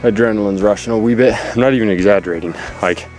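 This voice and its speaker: Faint music sits behind a man on a hunting trip who vlogs casually in a forest clear cut, talking fast in a lowish, slightly mellow voice. He's out of breath, rambling and anxious, with lots of fillers, and a handheld camera is held close to capture him.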